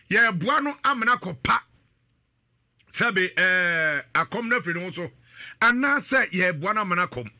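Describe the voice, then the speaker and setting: Male radio host, high bright voice, animated banter and viewer shout-outs. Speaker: radio and live-stream host. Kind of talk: lively presenter banter, reading live comments.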